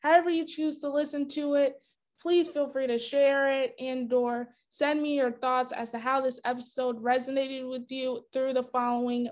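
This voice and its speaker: A woman hosting a podcast, emotional and laughing as she signs off to her listeners. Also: sits high. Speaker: podcast host. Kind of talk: podcast sign-off.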